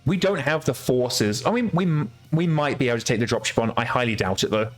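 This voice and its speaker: A man streams a video game with casual let's-play commentary, swearing freely and laughing at his own mistakes. His medium-pitched voice is brisk, with faint music behind it.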